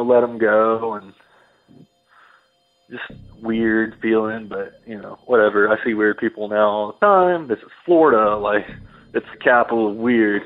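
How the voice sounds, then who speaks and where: A man telling a rambling first-person story, acting out the voices of the people in it. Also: fairly low pitch. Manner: rambling, acts out quoted voices. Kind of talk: casual storytelling. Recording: phone-line audio with faint music.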